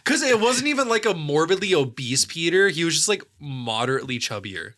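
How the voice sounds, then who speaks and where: A man's voice: a little high, brisk. A young man co-hosting a podcast, rambling through stories in casual, profane chat. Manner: rambling, profane, animated storytelling. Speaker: podcast co-host.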